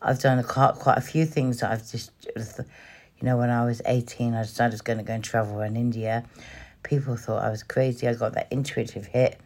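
Halting, flat-voiced emotional Englishwoman. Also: a bass voice. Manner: emotional, halting, with many restarts. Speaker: podcast host. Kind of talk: personal story podcast monologue.

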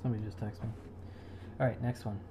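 A woman co-hosting a podcast in casual chat, with a drawn-out, playful delivery. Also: rumbling low, fairly even intonation, highs cut off, background noise. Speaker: podcast co-host.

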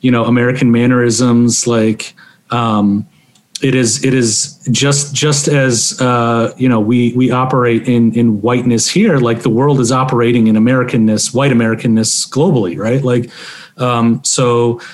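A young man from Maryland, speaking in a halting, reflective conversational way with many fillers and restarts. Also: mid-range voice, fairly even intonation. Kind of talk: conversational interview.

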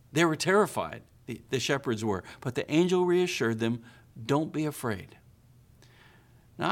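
A man preaching a sermon, earnest, putting questions to his listeners. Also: medium pitch. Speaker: pastor.

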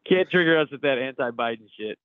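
A man's voice: medium pitch, lively intonation, fast, no echo. Man on a tinny phone-like line. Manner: laughing, describing memes. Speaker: podcast host. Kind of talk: casual podcast banter.

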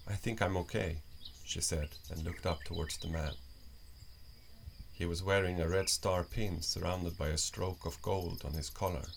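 A man reading a story aloud as narrator, in a slow, measured way. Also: deep voice, fairly even intonation, gravelly, a little hiss or hum.

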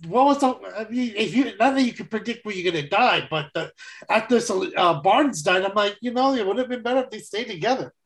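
A man's voice: high voice, lively intonation, fairly quick, a bit bright, low-quality recording. A man co-hosting a podcast in casual chat, rambling and restarting his sentences and laughing often. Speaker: podcast co-host.

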